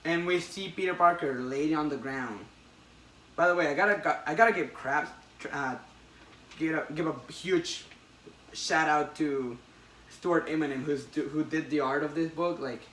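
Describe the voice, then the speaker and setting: Excited man retelling a comic. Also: on the high side, normal speed, recorded from a distance. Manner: excited storytelling, many restarts. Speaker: podcast host. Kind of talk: casual comic book chat. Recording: echoey room, faint noise.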